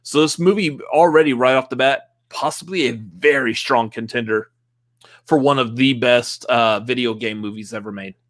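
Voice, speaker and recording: A man's voice: medium pitch, normal speed, fairly bright tone, no echo. A man co-hosting a casual live movie-news stream, chatty and full of fillers, laughing often. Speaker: movie podcast co-host.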